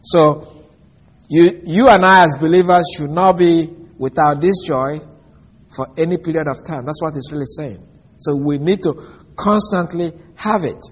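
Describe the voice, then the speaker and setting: Husky-voiced man preaching a measured sermon. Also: fairly high pitch. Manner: measured teaching, slows to stress key phrases.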